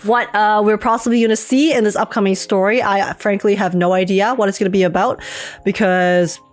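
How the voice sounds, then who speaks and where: A woman talks casually to her live-stream audience, quick to laugh and prone to starting phrases over. Her voice sits at an ordinary middle pitch for a woman. A little music plays quietly behind her. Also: steady tone. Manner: chatty, laughs often, restarts phrases.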